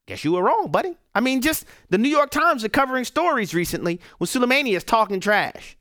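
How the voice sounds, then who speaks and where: A man's voice: extremely high pitch, very animated, fairly quick, a bit bright, no room sound, studio quality. A man hosting a radio talk show, giving emphatic political commentary and firing off rhetorical questions. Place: radio studio.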